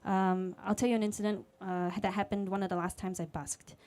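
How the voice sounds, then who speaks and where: Speaking fairly quickly in a mid-range, darkish voice with little pitch movement, this late-20s music teacher from Singapore shares a personal story at a live storytelling event. She's conversational and open, using fillers and acting out quotes for the audience.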